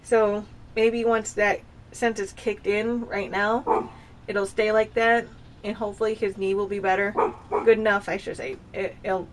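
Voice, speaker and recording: A woman's voice: medium pitch, flat delivery, unhurried, slight background noise. Rambling confessional woman in her thirties. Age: 30s. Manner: rambling and confessional, with frequent restarts. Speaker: vlogger. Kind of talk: casual personal vlog. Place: home with dogs nearby.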